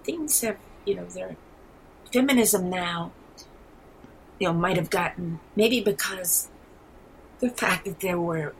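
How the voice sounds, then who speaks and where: Casting: seventies woman, New York accent, low gravelly voice, rambling storyteller, faint hiss behind. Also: slow pace, pauses often, low-quality recording. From New York City. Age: 70s. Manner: rambling, animated storyteller with frequent restarts. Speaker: guest artist. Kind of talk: casual interview.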